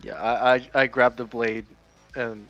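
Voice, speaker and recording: A man playing a tabletop game, talking in an animated, wry way. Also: mid-range voice, measured pace, highs cut off, soft background music. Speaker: player. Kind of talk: casual tabletop play.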